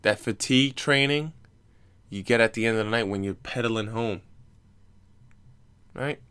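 Young guy hosting a loose podcast, lowish voice, rambling jokey chat. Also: normal speed, bright, forceful tone, clear, resonant tone. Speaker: podcast host. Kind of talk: casual joking chat.

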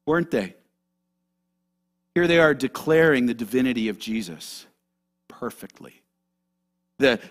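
High-voiced preacher with dramatic swings. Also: male voice. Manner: dramatic, swings from loud shouted quotes to hushed asides. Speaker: pastor. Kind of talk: sermon.

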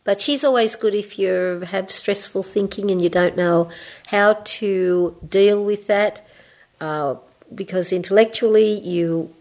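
A woman host in casual conversation, often murmuring agreement and affirming her guest. Her voice sits in a middle pitch and sounds everyday. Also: unhurried, a little mellow. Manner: affirming, frequent "mm" backchannels. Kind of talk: casual interview chat.

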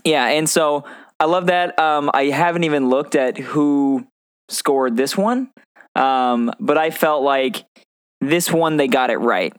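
A man's voice: fairly high pitch, slow, clear, resonant tone, dry recording, studio quality. A man co-hosting a podcast, chatting casually about movies in a jokey, loose way and trailing off mid-thought. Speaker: podcast co-host.

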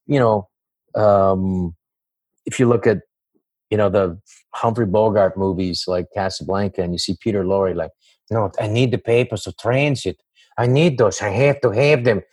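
A fairly low-pitched man, a comedian and actor, is a guest in a casual interview, recorded with no echo. He rambles, makes many restarts, and acts out voices.

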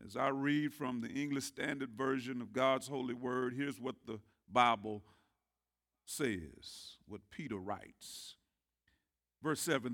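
A man preaching a sermon as pastor, calling on the congregation to answer back and swinging from quiet murmurs to loud rising shouts. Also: medium pitch, takes it slowly. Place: church sanctuary.

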